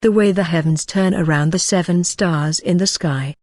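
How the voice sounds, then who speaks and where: A woman's voice: lowish voice, moderate pace, darkish tone, no room sound, clean studio sound, lightly acted. A woman reading as an earnest, devoted young maid.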